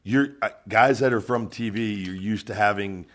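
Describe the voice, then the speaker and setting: A lower-voiced man hosts a casual podcast chat. He breaks in with profane jokes, then talks plainly about getting ready for a match. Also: normal speed, a bit bright. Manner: profane, joking interjections. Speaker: podcast host, wrestler.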